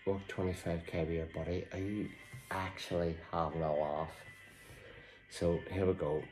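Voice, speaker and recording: A man's voice: deep voice, flat delivery, moderate pace, a little mellow, faint music behind, rough recording. A man giving casual, chatty gameplay commentary, stumbling over names and grumbling in mock exasperation. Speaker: game vlogger.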